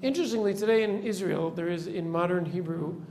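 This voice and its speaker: A rabbi in a classroom, a man with a high, gravelly voice, lecturing students. He explains patiently, tosses questions to the class and keeps checking they follow with a quick "right?". Faint hiss sits under the recording. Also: a little mellow. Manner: explanatory, tags "right?" onto nearly every point. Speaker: rabbi teaching a seminary class.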